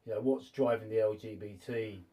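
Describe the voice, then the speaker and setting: A man's voice: lowish voice, steady tone, fairly quick, warm tone. A man arguing his point in a casual debate, emphatic and repeating words as he pushes on. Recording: voice a little far from the mic.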